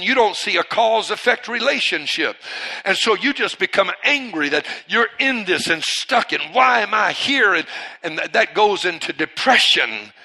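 A man preaching a sermon to his church, swinging between loud, forceful bursts and hushed lines, and leading the congregation in call-and-response. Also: high-pitched. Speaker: pastor. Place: church service.

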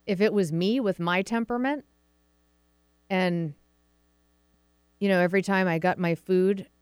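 A middle-aged woman with a Pacific Northwest American accent hosts a dog show, chatting casually and slipping into little acted-out voices. Her voice is smooth and a touch low. It is recorded close and dry. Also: a little slow, a little mellow, dry recording. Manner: chatty, acts out quoted voices of dogs and owners. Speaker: podcast host, dog trainer. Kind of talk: casual explanatory talk.

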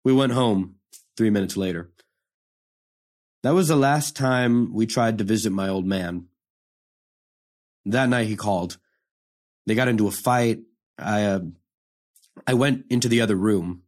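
A man's voice: on the low side, a little slow, long pauses, darkish tone, close to an everyday voice. An actor playing a hardened young male prisoner, delivering a profane, confrontational dramatic monologue. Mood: bitter. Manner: profane, confrontational street talk.

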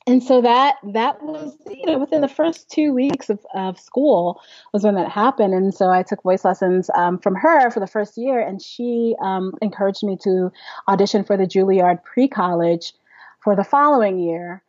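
Laughing woman telling a lively story. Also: mid-range voice, moderate pace, dry recording, muffled recording. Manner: animated storyteller, laughs often, acts out quotes. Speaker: interview guest. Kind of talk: casual storytelling interview.

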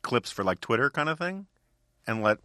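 A man's voice: mid-range voice, big pitch swings, normal speed, bright, forceful tone, dry recording, studio quality. A man hosting a podcast in casual chat, easygoing and amused. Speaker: podcast host.

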